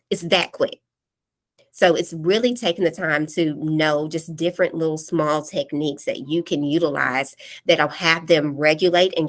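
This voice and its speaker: Lower-voiced woman teaching parents. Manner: practical, explains step by step, often starts with "so". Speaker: parenting workshop presenter. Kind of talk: explanatory online workshop talk.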